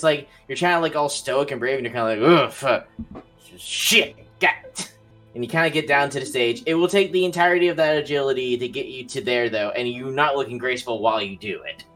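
A man's voice: medium pitch, fairly bright tone. A man running a tabletop game as game master, narrating in a casual, loose way full of "like" fillers. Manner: casual, swears, many "like" fillers.

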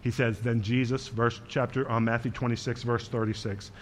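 A man's voice: mid-range voice, little pitch movement, normal speed, slight background noise. A man preaching a sermon as pastor, speaking earnestly and directly to his congregation and quoting scripture with small verbal slips.

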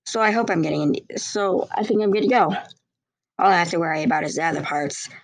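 A woman's voice: on the low side, fast talker, natural voice, rough recording. Woman doing a polite, chatty teen girl. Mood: friendly. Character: friendly, polite teenage girl student.

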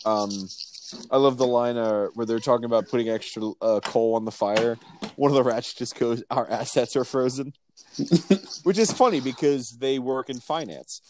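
Reading from his notes, a podcast co-host talks a movie over in casual chat, joking and cursing along the way. He has a medium-pitched, slightly mellow voice at normal speed, with a little hiss or hum in the recording.

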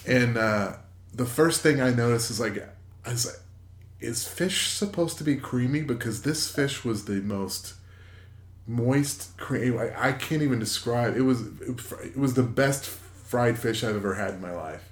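A man in his forties, a podcast co-host, telling a casual story in a rambling, halting way with many fillers and restarts. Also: medium pitch. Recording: echoey room.

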